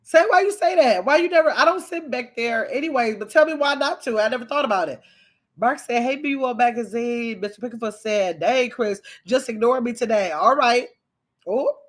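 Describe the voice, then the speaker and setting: A woman's voice: on the high side, moderate pace. A woman hosting a casual livestream, chatting with viewers and reading their comments aloud in a rambling, conversational way. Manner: chatty, reads viewer comments aloud, talks to chat directly; rambling and conversational, with sudden excited bursts. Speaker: livestream host.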